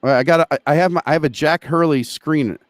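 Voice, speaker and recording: A man hosting a casual live market show, talking in an excitable, joking way with lots of quick restarts. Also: a little high, no echo. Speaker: host.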